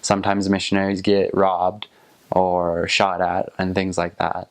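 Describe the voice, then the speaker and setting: A man's voice: deep voice, completely flat delivery, unhurried. A young man in his twenties, a returned missionary, giving casual, plain-spoken advice and recollections.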